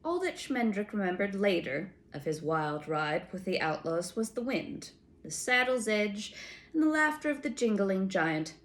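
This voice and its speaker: A woman reading a novel aloud, halting, with slips and restarts. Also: mid-range voice, expressive. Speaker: audiobook reader.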